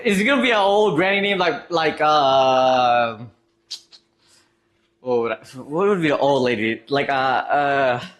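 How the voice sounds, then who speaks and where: A man's voice: mid-range voice, fairly bright tone. A man streaming live, chatting casually and reading out chat messages, trailing off and restarting as he goes.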